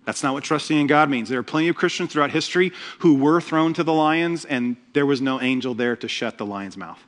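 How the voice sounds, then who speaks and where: A man preaching a sermon as pastor, telling the story with humor and lively asides. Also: fairly high pitch, brisk.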